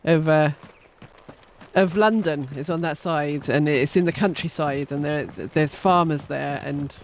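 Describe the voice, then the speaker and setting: A woman's voice: sits low, measured pace, slight background noise. An older woman hosting a casual let's play, chatting and rambling with self-mocking asides. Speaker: gaming channel host.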